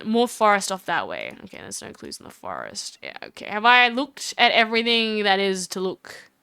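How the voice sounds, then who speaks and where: A woman's voice: mid-range voice, sing-song, moderate pace, creaky, bright, forceful tone, clear, resonant tone, no room sound, studio quality. Bubbly woman streamer's playthrough chatter. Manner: chatty and giggly, talks to chat. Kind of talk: casual let's-play commentary.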